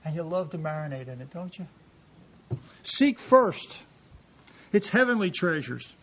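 Animated high-voiced male preacher. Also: quick pace. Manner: animated, jokey, reading scripture aloud to a congregation. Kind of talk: sermon. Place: church sanctuary.

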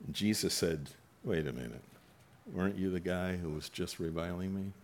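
Male preacher, very low voice, dramatic scripture retelling with loud bursts. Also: moderate pace, a little hiss or hum. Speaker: pastor. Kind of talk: sermon.

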